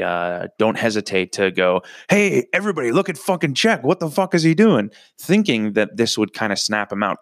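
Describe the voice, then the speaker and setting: A young man with a fairly low voice tells a rowdy comedic story, swearing freely and rambling with animated bursts. The sound is dry and close, with no room around it. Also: dry recording. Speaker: podcast host.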